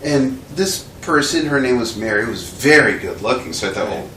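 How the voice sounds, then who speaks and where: A man being interviewed, telling a casual anecdote and acting out the quoted dialogue with lively shifts in voice. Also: mid-range voice, moderate pace. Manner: animated storyteller who acts out quoted dialogue. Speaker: interview guest, drummer. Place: indoor room with a window. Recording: roomy echo, mic at a distance, faint background noise.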